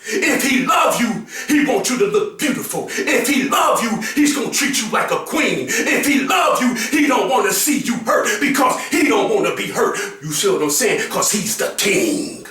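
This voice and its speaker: A man with a very high-pitched voice delivers a fiery motivational monologue, hammering points home with repetition and shouts. He sounds set back from the mic in a strongly echoing room. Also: sing-song, moderate pace, hardly any pauses. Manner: preachy, emphatic, repeats phrases and often raises to a shout. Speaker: motivational speaker. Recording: very echoey room, voice far from the mic.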